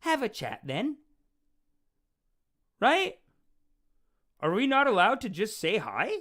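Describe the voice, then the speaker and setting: A young man hosting a casual call-in show, rambling and animated, often restarting his sentences and acting out quotes. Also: high-pitched, slow pace. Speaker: show host and self-styled spiritual teacher. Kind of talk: casual livestream call-in talk.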